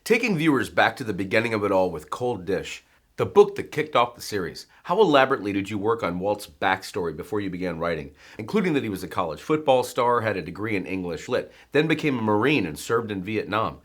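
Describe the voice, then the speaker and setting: A low-pitched male host delivers a long, detailed question at a fast clip. His voice rises and falls a lot as he reads it out. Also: big pitch swings, a bit bright. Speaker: interviewer and host. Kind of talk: interview question.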